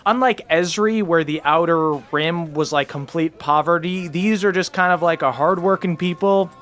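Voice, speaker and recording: A man's voice: on the high side, normal speed, fairly bright tone. A man running a tabletop game as game master, narrating scenes and laughing often.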